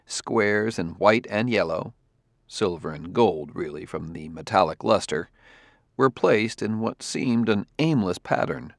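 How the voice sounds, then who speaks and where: Audiobook narrator: man, low, gravelly, dry close sound, even delivery. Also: measured pace, no room sound.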